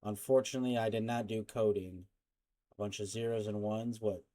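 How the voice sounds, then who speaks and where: A young man hosting a reaction video, talking casually and haltingly with lots of slang and filler. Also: on the low side, steady tone, mellow.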